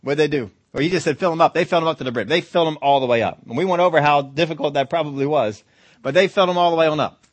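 A man preaching a sermon, emphatic, rising to loud stresses and dropping soft at the ends of phrases. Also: fairly high pitch, racing, no echo. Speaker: pastor.

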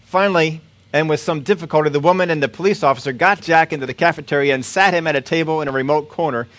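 A man preaching, reading a story aloud as a sermon illustration at a steady storytelling pace. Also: on the high side, fast, dry recording. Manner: steady storytelling, occasional slips.

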